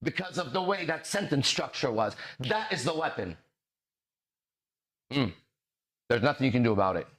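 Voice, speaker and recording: Swaggering, animated man talking to camera. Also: mid-range voice. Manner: swaggering, profane, preachy, with dramatic pauses. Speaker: mindset coach and podcast host. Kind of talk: podcast monologue.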